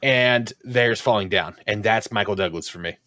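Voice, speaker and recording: A man's voice: on the low side, normal speed, pushed and bright, no room sound, studio quality. A man hosting a casual podcast, swearing freely and open about his feelings. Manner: casual, profane, openly emotional. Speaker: podcast host.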